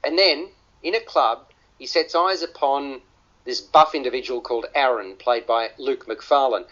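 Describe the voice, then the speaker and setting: Stammering radio film host. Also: male voice, mid-range voice, moderate pace, sharp tone. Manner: stammering restarts, repeated words. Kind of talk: radio film review panel chat. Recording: dull lo-fi radio audio.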